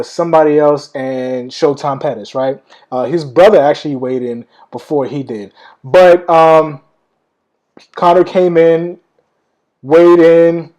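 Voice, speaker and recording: A man's voice: on the high side, a little mellow, rough recording. A young man hosting a podcast, talking loosely and rambling with lots of fillers, calling his listeners y'all. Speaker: podcast host. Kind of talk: casual podcast talk.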